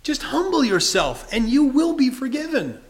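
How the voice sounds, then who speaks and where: A man's voice: very high-pitched, sing-song, moderate pace. A man preaching a sermon in an earnest, emphatic manner, often breaking into light laughs. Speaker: pastor.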